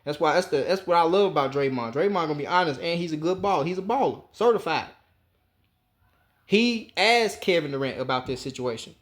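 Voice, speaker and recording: A man's voice: fairly high pitch, expressive, fairly quick. A man giving an emphatic, profane sports rant, repeating his points as he tells the story. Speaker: sports commentator.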